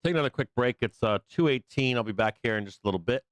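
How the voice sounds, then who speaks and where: A hoarse man hosting a live trading show, giving loose, profane, rambling market commentary on a close microphone. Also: mid-range voice, expressive, fast talker, no echo. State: hoarse, losing his voice.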